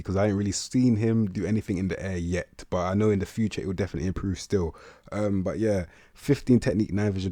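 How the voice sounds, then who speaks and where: A man's voice: on the low side, dark tone, no room sound, studio quality. An eighteen-year-old man, giving casual, rambling video-game commentary, full of slang and restarts. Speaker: gaming commentator.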